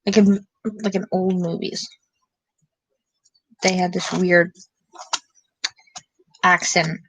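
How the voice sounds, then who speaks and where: Slow, rambling young woman streamer. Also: lowish voice, level tone, fairly bright tone, a little hiss or hum, rough recording. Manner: rambling, musing, with filler words. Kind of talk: casual late-night stream chat.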